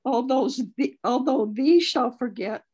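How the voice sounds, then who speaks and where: A woman in a study group reading scripture aloud slowly and with feeling over a video call. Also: a little high, darkish tone, low-quality recording. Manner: slow, careful, heartfelt reading.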